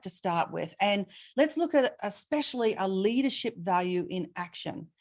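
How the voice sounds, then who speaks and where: Giving the keynote for a webinar, a middle-aged woman from Australia speaks at medium pitch, stressing her points expressively as she tells stories and poses rhetorical questions.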